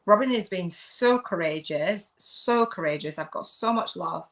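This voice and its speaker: Loud english lady on a live stream, low-pitched voice, gushing and laughing a lot. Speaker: spiritual business coach hosting a daily live. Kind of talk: live video chat.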